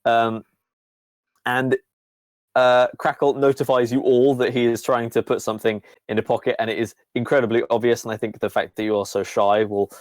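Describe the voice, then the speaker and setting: Game master narrating loosely. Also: male voice, medium pitch, flat delivery, moderate pace, no room sound. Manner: rambling, full of fillers.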